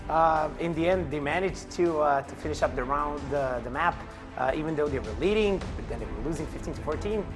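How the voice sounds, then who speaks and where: A man's voice: on the high side, a little fast, music in the background. A man with a Serbian accent, a native Serbian speaker, hosting an esports analyst desk in a hesitant way, full of fillers and laughter. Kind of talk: studio esports analysis chat.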